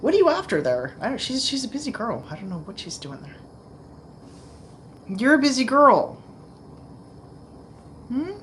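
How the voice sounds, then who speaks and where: A woman's voice: on the high side, huge pitch swings, fast, few pauses, slight background noise. A woman hosting a casual livestream from her home, rambling chattily with lots of fillers. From Canada. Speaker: channel host. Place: home, indoors.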